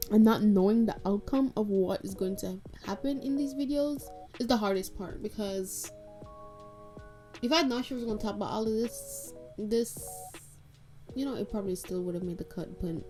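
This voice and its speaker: A woman hosting a reaction video in chatty, expressive commentary, laughing often as she talks. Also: medium pitch.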